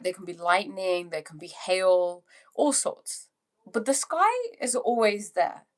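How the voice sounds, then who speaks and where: A young woman from England chats on her livestream in a relaxed, rambling way. Her voice sits in a middle pitch, and she drifts between thoughts as she answers viewers. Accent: English. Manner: chatty, meandering, tries out French phrases. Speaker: livestream host.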